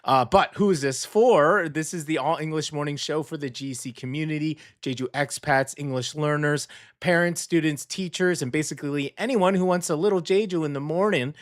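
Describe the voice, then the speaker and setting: A man's voice: a little high, moderate pace. A man hosting a casual English morning show, joking around with a put-on Southern twang and rambling through fillers and self-corrections. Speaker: radio show host.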